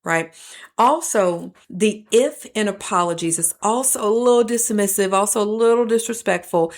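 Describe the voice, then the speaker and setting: A woman's voice: medium pitch, measured pace. A woman, hosting a faith-based teaching talk and addressing listeners as "y'all" in an earnest, preacher-like way. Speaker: podcast host.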